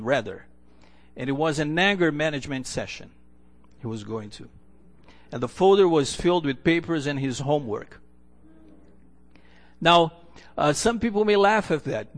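Male pastor, earnest sermon delivery, storytelling, voice sits a bit high. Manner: earnest, storytelling preacher with repeated restarts.

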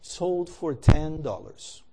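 A man's voice: fairly high pitch, slow, noisy background. A man acting out an insistent auctioneer as he calls out bids in a sermon story. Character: stern older male auctioneer, persistent.

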